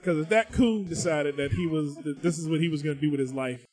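A high-pitched man co-hosting a comedy podcast. He talks loudly and jokes in a loose, casual way, laughing often as he riffs. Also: fast talker. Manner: loud joking, laughs often. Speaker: podcast co-host.

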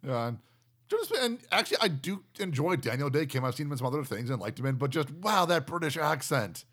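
A man's voice: on the high side, sing-song, brisk, fairly bright tone, husky. Exasperated man in casual chat. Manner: incredulous, exasperated, profane. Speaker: podcast co-host reviewing a film.

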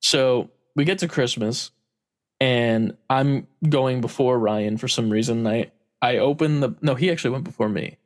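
A man's voice: mid-range voice, normal speed. A man in casual chat, telling a story with frequent laughs and casual swearing.

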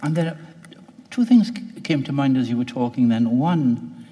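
A man interviews an author with a rambling, searching delivery, often correcting himself as he goes. His voice sits at an ordinary middle pitch. The recording has a long, reverberant hall tail. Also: expressive, normal speed, mellow. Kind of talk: thoughtful radio interview.

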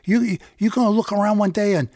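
A man's voice: sits high, quick pace, a little mellow, dry recording, studio quality, voice pushed up, lightly acted. A man voicing a burly, caring neighbor with a Chicano accent, repeating himself in stammering bursts of urgent insistence. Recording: music bed underneath.

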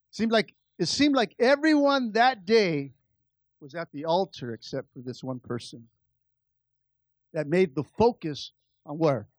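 A pastor telling a personal story in a sermon, moving between quiet, confiding asides and loud, lively peaks. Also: male voice, sits high, no echo. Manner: animated, swings from soft asides to loud climaxes.

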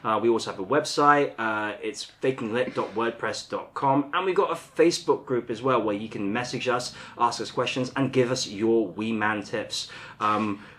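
A man's voice: medium pitch, moderate pace, hardly any pauses, fairly bright tone, slight background noise. A man hosting a casual podcast, rambling a bit with lots of fillers as he wraps up the episode. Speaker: podcast host.

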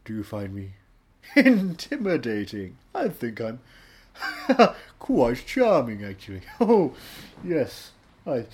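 A man's voice: mid-range voice, a little mellow, husky, full character voice. A man voicing a pompous, self-important male actor who talks in a grand, theatrical way and laughs at himself.

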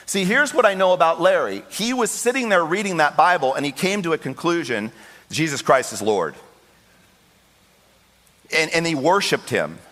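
A man's voice: on the high side, moderate pace. Male pastor, preaching storyteller, acts out quotes, echoing church hall. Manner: storytelling with lively voiced quotes. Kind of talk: sermon. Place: church sanctuary. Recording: long hall reverb.

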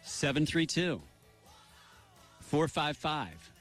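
A man's voice: fairly high pitch, big pitch swings, slow pace, fairly bright tone, soft background music. A middle-aged man co-hosting a radio show, joking around in goofy, mock-pompous banter.

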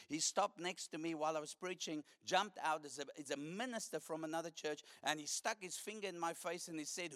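A man's voice: a little high, fairly bright tone, no echo, clean studio sound. A man preaching a fervent sermon, telling a story and calling for responses from the congregation.

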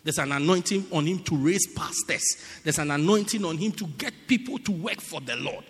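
A man preaching a sermon as pastor, emphatic and repetitive, swinging between loud cries and low murmurs. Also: animated, fairly quick, husky, long reverb tail.

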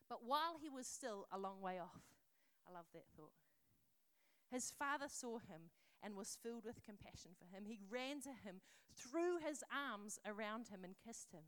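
A woman's voice: high voice, fairly bright tone, smooth. A woman preaching a sermon, earnest and conversational, reading scripture aloud in a storytelling voice.

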